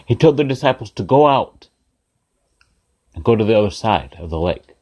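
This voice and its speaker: A man preaching a sermon, retelling a story in a lively way, repeating phrases and putting questions to his listeners. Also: lowish voice, normal speed, lo-fi sound.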